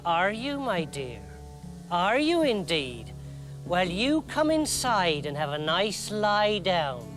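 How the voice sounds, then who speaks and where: A man voicing a sweet, cooing little old woman with a sinister calm. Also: high-pitched, slow, over music, full character voice.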